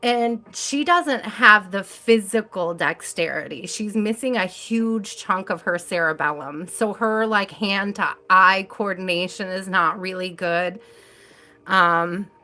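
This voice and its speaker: A woman's voice: mid-range voice, takes it slowly, sharp tone. A woman hosting a live tarot stream, chatting casually and telling stories with frequent laughter. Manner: chatty storyteller, laughs often.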